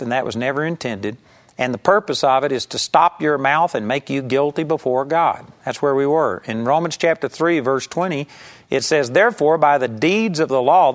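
A man preaching an earnest sermon, teaching from scripture and telling a story to make his point. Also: on the high side. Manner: earnest, emphatic Bible teaching with anecdotes.

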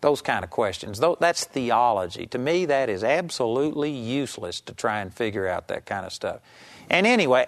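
A man teaching a sermon series on healing, talking in a conversational, emphatic way and reading scripture aloud slowly. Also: medium pitch. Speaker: Bible teacher.

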